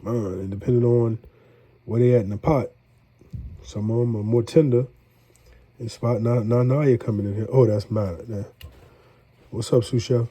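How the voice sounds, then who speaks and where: A congested man with a New drawl talks viewers through his cooking in a loose, folksy ramble. His voice is very dark and a touch husky. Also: medium pitch, steady tone, normal speed, long pauses. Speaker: home cook. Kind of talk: casual cooking vlog.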